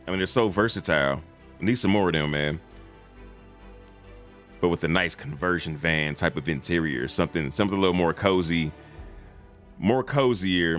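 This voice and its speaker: A man with a very low voice chats casually on a live stream, loose and slangy and quick to chuckle. Faint music plays softly behind him. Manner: laid-back and slangy, chuckles often. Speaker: streamer reacting to game videos.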